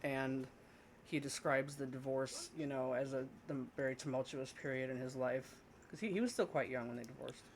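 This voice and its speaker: A man's voice: mid-range voice, steady tone, moderate pace, a little hiss or hum. A man co-hosting a casual podcast chat, rambling with frequent fillers and restarts. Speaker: podcast co-host.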